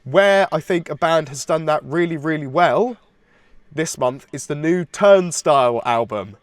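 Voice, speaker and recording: Congested male podcast co-host, slightly high, eager rambling delivery, dry close mic. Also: lively intonation, measured pace, no echo. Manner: enthusiastic, rambling with restarts. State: congested from hay fever. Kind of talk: casual music chat.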